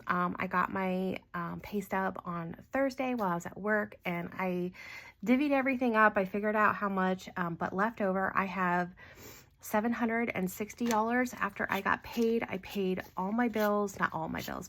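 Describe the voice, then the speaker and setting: A woman hosting a casual budgeting vlog, talking in a chatty, animated way with many ums and quick laughs. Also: medium pitch. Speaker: budgeting channel host. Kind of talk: casual cash-stuffing vlog.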